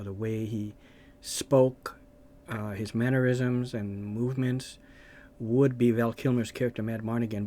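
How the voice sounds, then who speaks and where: A man at a middle pitch talks in a loose, rambling rant, stopping and restarting often as he looks for his words. He sounds like a creator chatting to his video audience. A faint hiss sits behind him. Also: mellow. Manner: rambling and hesitant, many fillers and restarts.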